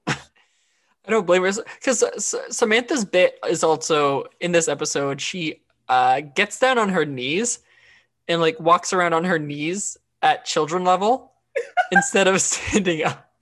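A woman's voice: lowish voice, expressive, a little slow. A woman co-hosting a podcast, recapping an episode in casual chat with lots of fillers and restarts. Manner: chatty, frequent fillers and restarts. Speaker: podcast co-host.

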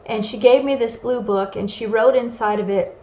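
A woman's voice: a little high, moderate pace, darkish tone. A woman giving an earnest, emotional personal testimony as a recovery speaker. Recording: echoey room with faint ambience.

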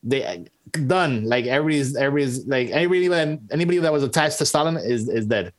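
Giggly man in casual chat. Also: medium pitch. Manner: laughs often, halting. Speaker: podcast co-host. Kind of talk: casual movie review chat.

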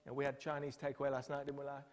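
A man's voice: medium pitch, very fast. A man preaching a sermon, telling the story with acted-out quotes. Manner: storytelling, acts out quotes with lively voices. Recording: long hall reverb.

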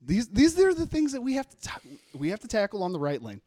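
A man co-hosting a podcast in casual chat, joking and animated. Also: high-pitched, quick pace, no echo, studio quality.

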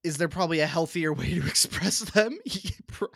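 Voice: mid-range voice, fairly quick, creaky, fairly bright tone, breathy edge, no room sound. Wry, dry-voiced podcast co-host. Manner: wry, laughs at own jokes. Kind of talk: casual chat.

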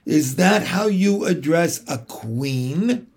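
A man voicing a proud, cold and stern witch queen, speaking slowly and haughtily. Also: on the high side, animated, exaggerated voice. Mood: haughty. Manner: haughty, slow and commanding.

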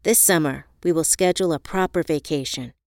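A woman reading the part of an excited young bride who speaks in an affectionate, exclamatory way. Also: deep voice, a little fast, dry recording, clean studio sound.

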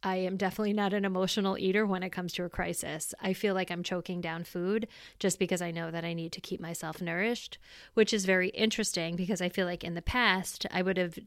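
A woman's voice: fairly low pitch, fairly even intonation, quick pace, dry recording, studio quality. A middle-aged woman hosting a solo podcast, talking candidly and reflectively in a casual, plainspoken way. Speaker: podcast host.

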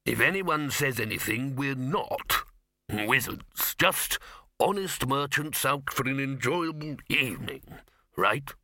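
Brief: man playing a tired, deadpan wizard leader for an audiobook, close and dry. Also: medium pitch, slow, no room sound, exaggerated voice. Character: weary, exasperated senior male wizard.

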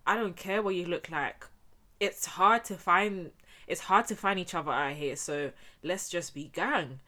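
A woman's voice: on the low side, pushed and bright. A young woman from Spain telling her life story to viewers in a chatty, slangy, casual way. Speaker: vlogger.

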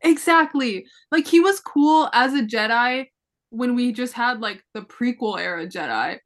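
A young woman chatting casually and dramatically with friends, gushing with quick asides. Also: a little high, lively intonation. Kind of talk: casual fan chat.

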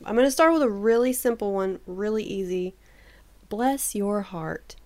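A woman co-hosts a casual podcast chat, blunt and quick to swear. Her voice sits at an ordinary middle pitch. She explains things with easy, offhand asides. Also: lively intonation, a little mellow. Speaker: podcast co-host.

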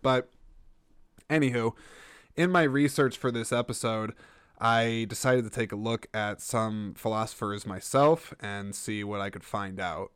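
A man's voice: lowish voice, clear, resonant tone, dry recording, clean studio sound. A young man hosting a solo podcast, rambling and self-mocking with lots of restarts. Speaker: podcast host. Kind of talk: casual solo podcast monologue.

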